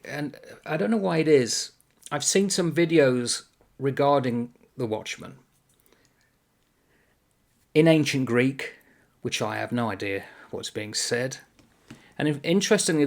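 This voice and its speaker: Man musing over a classic play. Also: mid-range voice. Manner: thoughtful, meandering, self-correcting. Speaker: book reviewer. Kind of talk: casual literary explainer.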